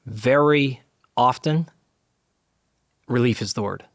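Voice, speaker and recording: A man hosting a podcast, asking questions and explaining ideas in a measured, reflective way. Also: medium pitch, no echo, clean studio sound. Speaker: podcast host. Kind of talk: interview conversation.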